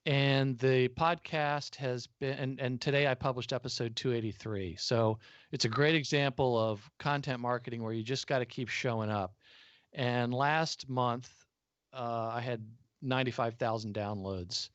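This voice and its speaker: A man's voice: mid-range voice, normal speed, dry recording. An American man, a podcast host appearing as a guest, chatting casually over a video call with lots of uh fillers. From United States. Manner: relaxed, chatty, frequent uh fillers. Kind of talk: casual interview chat. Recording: dry, slightly dull video call audio.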